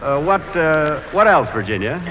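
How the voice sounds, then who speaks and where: A man hosting a 1940s radio comedy show, vain and deadpan, often stammering when flustered. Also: a little high, moderate pace. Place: live broadcast before an audience. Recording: noisy 1940s radio broadcast.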